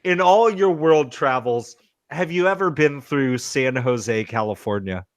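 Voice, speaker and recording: A man's voice: mid-range voice, unhurried. A man co-hosting a podcast, asking eager, friendly questions and laughing readily. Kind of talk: casual interview questions.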